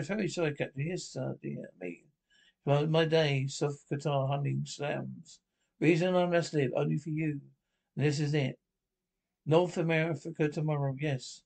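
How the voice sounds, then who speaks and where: A man reading a comedy film script aloud, voicing several characters in quick back-and-forth exchanges. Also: a little high, creaky, darkish tone.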